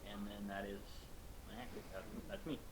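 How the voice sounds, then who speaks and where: A man playing a druid in a tabletop game, measured and thinking aloud as he goes. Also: fairly low pitch, steady tone, low-quality recording. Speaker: player, druid. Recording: clear background hum.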